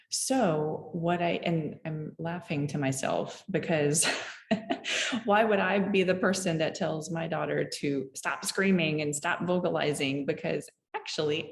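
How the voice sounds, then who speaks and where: Candid woman telling a parenting story. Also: low voice. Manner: candid and musing, often chuckling at herself. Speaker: parenting podcast host. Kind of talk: reflective personal storytelling. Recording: roomy echo.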